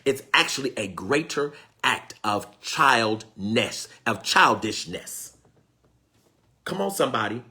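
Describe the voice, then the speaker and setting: A man preaching with fervor, his husky voice swinging widely in pitch and carrying a bright, forceful edge. He calls out to his listeners, repeats phrases for emphasis and pleads to God between points. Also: animated, takes it slowly. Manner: preacherly call-and-response, exclaiming and pleading to God. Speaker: spiritual teacher. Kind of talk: fervent sermon-style teaching.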